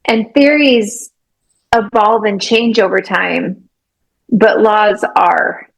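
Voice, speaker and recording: A woman guest sharing a faith testimony in conversation, animated and acting out her own prayers with sudden leaps in pitch. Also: creaky, rough recording. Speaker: podcast guest, artist and obstacle-course athlete.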